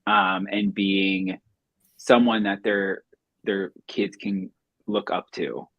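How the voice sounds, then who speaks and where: Husky, thoughtful male drag guest. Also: on the low side, no room sound, lo-fi sound. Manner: thoughtful, measured, frequent ums. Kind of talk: casual chat.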